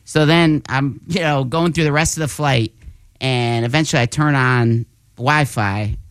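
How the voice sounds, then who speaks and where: A man's voice: medium pitch, unhurried, clean tone, dry recording, clean studio sound. A man who is a comedian, telling stories in casual talk-show chat and acting out the quotes with laughs. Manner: animated storyteller acting out quotes, laughs often. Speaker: guest comedian.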